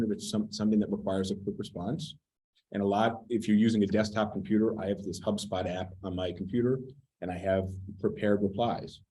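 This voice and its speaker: Blunt, low-voiced man giving casual training. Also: mellow, a little hiss or hum, rough recording. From United States. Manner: blunt, swears casually, critiques advice. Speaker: real estate trainer.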